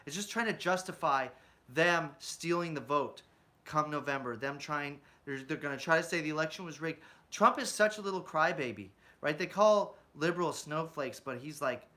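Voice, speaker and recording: Bright-voiced man ranting about politics. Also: a little high, moderate pace. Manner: ranting, asks rhetorical questions, often adds "right?"; mocks opponents with put-on quotes. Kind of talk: political commentary vlog.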